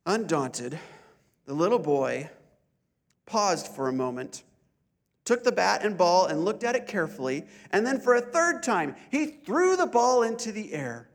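A man preaching at a Sunday church service with a fairly high voice. He speaks deliberately, drawing out his key questions and stressing points slowly. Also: sing-song. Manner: deliberate, slows down for emphasis. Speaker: pastor. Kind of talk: sermon.

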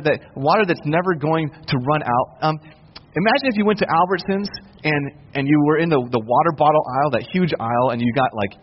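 A man preaching a sermon, explaining scripture in a relaxed, conversational way and retelling the story in everyday words. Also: on the high side, husky. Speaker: pastor. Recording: roomy reverb, muffled lo-fi sound.

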